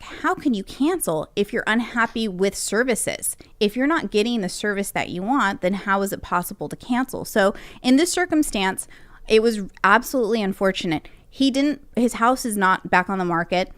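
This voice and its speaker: A woman, a real estate broker hosting her own podcast, tells a client story in a casual, animated way, acting out the people she quotes. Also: medium pitch, no room sound. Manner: animated, acts out quoted people, frequent restarts.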